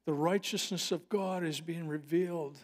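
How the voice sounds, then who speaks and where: A middle-aged male pastor preaches an earnest, heartfelt sermon, telling personal stories. His voice sits a little higher than most men's, his intonation fairly even, and he slows deliberately on phrases he wants to land.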